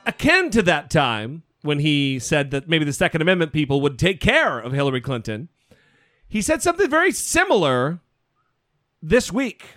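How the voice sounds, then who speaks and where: Sarcastic podcast guy, high pitched and bouncy, dry mic. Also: sing-song, normal speed, fairly bright tone, no room sound, faint music behind. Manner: sarcastic and incredulous. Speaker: podcast co-host. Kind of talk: political commentary chat.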